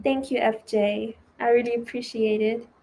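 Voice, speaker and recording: A woman's voice: on the high side, fairly even intonation, moderate pace, creaky, dark tone. A woman with a German accent, a non-native speaker of English, chatting loosely as she teaches trading on a live stream, with many fillers and "right?" tags.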